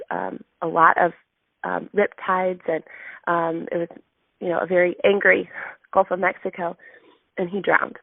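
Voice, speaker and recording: Heartfelt woman with a gravelly, phone-line voice. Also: fairly low pitch, no echo. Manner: heartfelt, emotional, many ums. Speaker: sales team leader giving a weekly message. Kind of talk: motivational storytelling talk. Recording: tinny phone-line sound.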